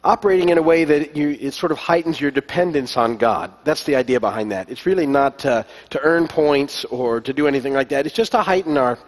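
A man preaching a sermon as pastor, telling stories in a relaxed way with many fillers and restarts. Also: a little high, a little fast, hardly any pauses. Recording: long echo of a large hall.

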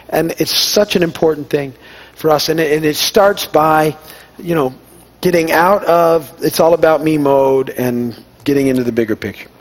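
Conversational man preaching with a higher voice. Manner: conversational, self-deprecating, acts out quoted dialogue. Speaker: pastor. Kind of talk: informal sermon with personal stories.

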